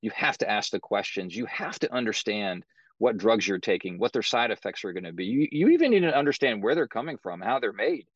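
A middle-aged man speaking as a podcast guest, telling his story in a measured, matter-of-fact way. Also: fairly low pitch, lively intonation, husky, no echo, lo-fi sound. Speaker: guest, author. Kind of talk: podcast interview.

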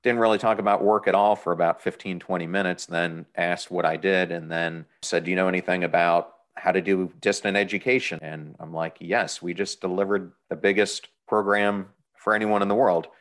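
A middle-aged man telling a story in a relaxed, matter-of-fact way during a casual interview. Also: low voice, moderate pace, hardly any pauses.

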